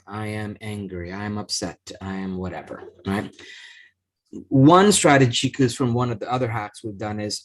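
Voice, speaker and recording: A man's voice: medium pitch, lively intonation, normal speed. A middle-aged man hosting a casual chat, rambling with many restarts and fillers. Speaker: podcast host.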